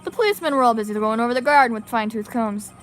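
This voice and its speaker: A woman's voice: a little high, rapid-fire, a little hiss or hum, natural voice. A woman voicing a cool, cocky male prosecutor from a game, reading his lines in a smug, teasing drawl. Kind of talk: reading game dialogue aloud.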